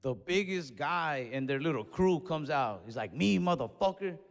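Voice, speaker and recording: A man's voice: mid-range voice, normal speed. A young man telling a profane story on stage as a stand-up comedian, slipping into acted-out voices. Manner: animated, acts out other voices, profane and loose. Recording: long hall reverb on stage.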